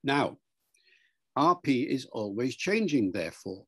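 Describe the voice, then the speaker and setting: A man's voice: medium pitch, big pitch swings, a bit bright, husky, no room sound. An older man with a mixed British accent, Welsh and Liverpool sounds blended with RP, explains patiently like a lecturer. He sounds out example words as he goes, in a dry, close recording. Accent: mixed British, Welsh and Liverpool with some RP. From Wales. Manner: measured, lecturing, demonstrates sounds aloud. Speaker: professor. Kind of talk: interview answers, explaining accents.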